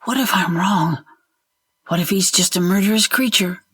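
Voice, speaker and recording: A woman's voice: fairly low pitch, moderate pace, fairly bright tone, breathy edge. A woman voicing a frightened young healer who pleads breathlessly while protecting her dog. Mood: frantic.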